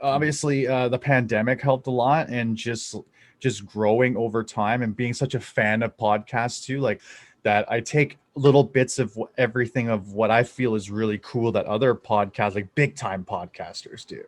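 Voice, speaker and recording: A young adult man from Canada hosting a podcast, talking in an excitable, rambling way and swearing freely. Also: medium pitch, normal speed, no room sound. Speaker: podcast host. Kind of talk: casual podcast chat.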